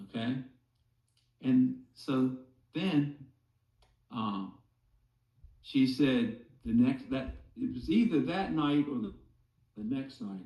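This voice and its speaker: Slow man telling a story. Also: mid-range voice, reverberant, far from the mic, lo-fi sound. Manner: slow, deliberate, many "okay?" asides. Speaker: speaker telling a conversion story to a group.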